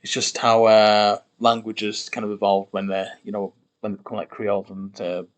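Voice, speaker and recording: A man's voice: fairly low pitch, completely flat delivery, normal speed. A man streaming himself building a made-up language, thinking aloud while typing, muttering and repeating words to try them out. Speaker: conlang streamer.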